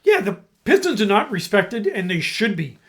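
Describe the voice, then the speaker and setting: A man's voice: high voice, big pitch swings, moderate pace, fairly bright tone, slightly rough. A man co-hosting a podcast, talking in an emphatic, speechifying way. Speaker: podcast co-host. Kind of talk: casual chat.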